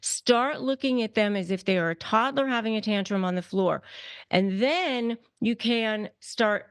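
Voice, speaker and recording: Unhurried and smooth, her slightly high voice comes through clean studio sound with no room ambience. As a guest attorney and negotiation expert on a podcast, she advises emphatically, often restarting and repeating key phrases.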